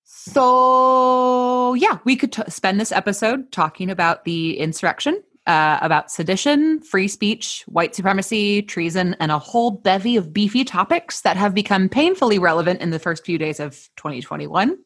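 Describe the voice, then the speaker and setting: A woman's voice: medium pitch, expressive, moderate pace, fairly bright tone. A woman hosting a podcast, mixing casual chat with a scripted story told in a playful, jokey way. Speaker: podcast host.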